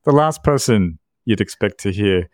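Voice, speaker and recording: A man with an Australian accent, co-hosting a podcast with teasing, deadpan banter. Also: fairly low pitch, normal speed, no room sound, studio quality. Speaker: podcast co-host.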